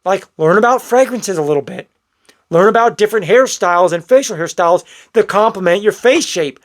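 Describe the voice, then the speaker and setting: Blunt guy vlogging advice at his viewers, kinda high voice, calls everyone bro. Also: expressive, brisk. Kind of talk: direct-to-camera commentary.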